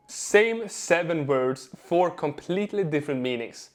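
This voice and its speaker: Slightly high-voiced man coaching clearly. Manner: measured, stressing words and pausing for effect. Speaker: communication coach. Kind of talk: instructional video talk to camera.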